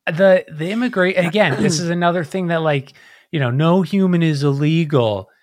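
Brief: male co-host, slightly high voice, frustrated and emphatic, dry close mic. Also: normal speed, dry recording. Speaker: podcast co-host. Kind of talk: casual political chat.

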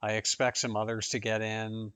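A man speaking as a podcast guest, measured and hesitant, with many fillers. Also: fairly low pitch, monotone, pushed and bright, smooth. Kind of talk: casual podcast discussion.

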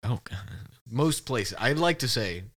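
Animated, joking man co-hosting. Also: mid-range voice, a little slow, slight background noise. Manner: playful, mock-earnest, laughing easily. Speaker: podcast co-host. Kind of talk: casual comedic banter.

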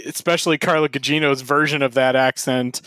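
A woman's voice: a bass voice, steady tone, fairly quick, fairly bright tone. A woman co-hosting a casual chat, adding wry remarks and laughing often. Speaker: podcast co-host.

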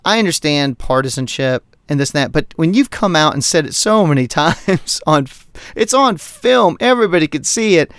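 A man's voice: a little high, lively intonation, normal speed, hardly any pauses, fairly bright tone, clear, resonant tone, no room sound. Heated, profane man ranting. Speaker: podcast co-host. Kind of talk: casual political rant.

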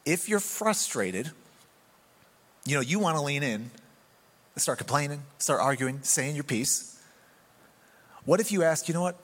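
Pastor, male, slightly high voice, animated conversational sermon, long hall reverb. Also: measured pace, long pauses.

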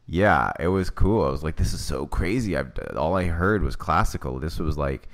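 A man's voice: a bass voice, moderate pace, fairly bright tone. A man chatting casually as a podcast guest, rambling and giggling, with lots of fillers. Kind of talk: casual chat.

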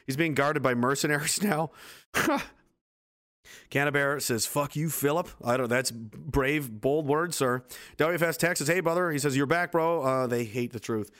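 A man's voice: a little high, moderate pace, fairly bright tone. Sarcastic, foul-mouthed man streaming. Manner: sarcastic and profane, rambling asides. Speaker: livestream host reading viewer comments. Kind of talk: casual livestream chat. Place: at home base on a hot day.

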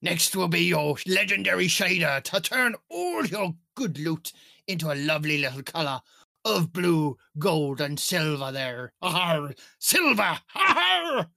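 Guy putting on a growly pirate captain, slow and gravelly, arr-ing nonstop. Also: fairly high pitch, big pitch swings, sharp tone, dry recording, studio quality, full character voice. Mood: hammy pirate. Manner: growls "arr" constantly, hammy and bossy. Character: gruff male pirate captain reading a store list. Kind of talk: goofy pirate voice bit.

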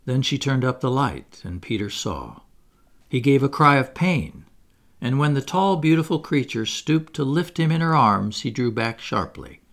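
A man narrating a classic storybook aloud in an expressive reading voice. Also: mid-range voice, normal speed. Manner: expressive, wide-ranging. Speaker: audiobook narrator.

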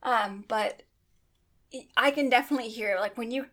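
A woman's voice: fairly high pitch, normal speed, a bit bright. A woman from Texas with a faint Texan accent, hosting a casual chat and rambling in a self-deprecating way.

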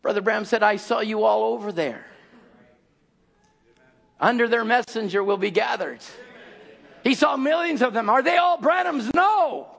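High husky preacher shouting fervently. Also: male voice, expressive, moderate pace, pauses often. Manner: shouting exhortations, rising to high pitch. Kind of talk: fiery sermon.

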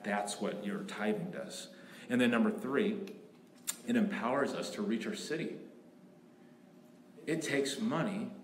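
A man preaching a sermon as pastor, emphatic and animated, often repeating and restarting his phrases. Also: lowish voice. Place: church sanctuary. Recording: echoey room.

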